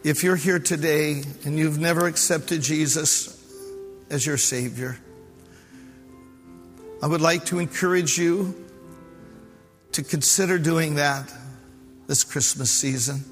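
A man's voice: on the high side, slow pace, long pauses, faint music behind. A man, a pastor, preaching a heartfelt sermon with calls to the congregation. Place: church hall. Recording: live sermon with long hall reverb.

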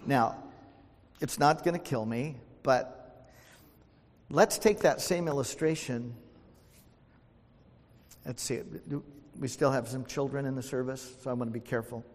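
Older man, pastor, folksy storytelling sermon, mid-pitched voice, long church reverb. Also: measured pace, pauses often. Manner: folksy storytelling, calls for amens. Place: church sanctuary.

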